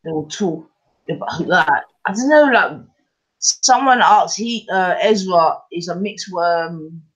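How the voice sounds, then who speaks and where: A man's voice: high-pitched, slow pace, a bit bright, breathy edge. Man musing aloud. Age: adult with children. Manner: musing aloud, keeps checking the listener follows. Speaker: podcast co-host. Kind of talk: casual chat.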